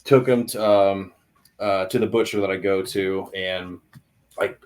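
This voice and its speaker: A young adult man telling a hunting story on a podcast in an excited, animated way, with many restarts. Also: on the low side, a little fast. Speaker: podcast guest. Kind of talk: casual storytelling.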